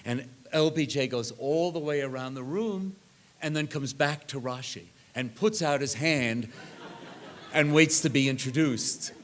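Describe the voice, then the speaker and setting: An older man speaking at a reunion, telling animated anecdotes and acting out the people in them. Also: mid-range voice, measured pace, slight background noise. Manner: animated anecdote teller, acts out others' lines. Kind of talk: storytelling talk.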